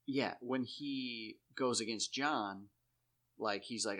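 A man talking in rambling, profane casual chat, jumping into high put-on voices to act out scenes. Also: unhurried. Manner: animated, acts out characters in high put-on voices. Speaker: podcast co-host.

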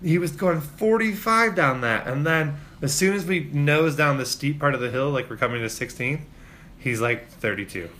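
Profane, animated man telling a story. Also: fairly high pitch, normal speed. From Spokane, Washington. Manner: animated, profane, mimics people in shouts. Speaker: storyteller in a casual chat. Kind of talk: casual chat, profane road-rage story. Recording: faint ambient noise.

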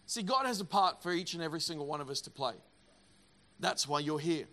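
A middle-aged man preaching a sermon, energetic and emphatic, often repeating words. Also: a little high, fairly quick. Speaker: pastor.

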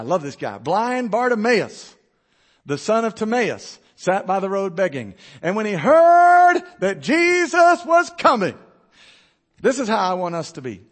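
This is a man giving a sermon as a pastor, slipping into quick voices for figures from the Bible and sinking to a hushed, low tone to drive points home.

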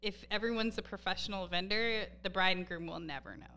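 Bright, chatty woman co-host. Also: medium pitch, a little fast, a little hiss or hum, low-quality recording. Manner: chatty, many "like" fillers. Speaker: podcast co-host. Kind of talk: casual podcast chat.

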